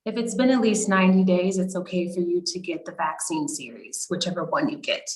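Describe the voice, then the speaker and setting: A woman doctor serving as a panelist on a video-call town hall explains health guidance reassuringly, often saying "you know." She speaks briskly in a lowish voice.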